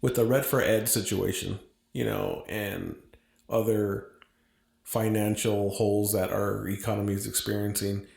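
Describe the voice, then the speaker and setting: A man with an American accent co-hosting a casual podcast, talking in an animated, opinionated way and swearing freely. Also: on the low side, measured pace, creaky, echoey room. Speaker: podcast co-host. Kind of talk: casual chat.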